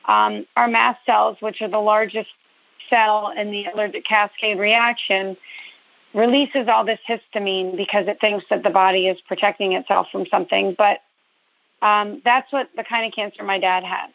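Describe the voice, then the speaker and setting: A woman's voice: mid-range voice, steady tone, moderate pace, gravelly, no room sound. A woman from New Jersey calling in to a show, telling a long story in a rambling, detailed way with a dash of sarcasm. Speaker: caller. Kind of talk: phone-in storytelling. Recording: dull, dry lo-fi call audio.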